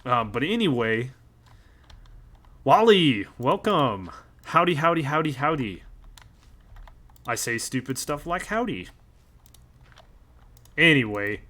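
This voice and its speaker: A man's voice: medium pitch, fairly bright tone. Rambling, joking man streamer. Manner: rambling, joking, chuckles often; greets chat viewers by name. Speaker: live streamer. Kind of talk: casual live-stream chat.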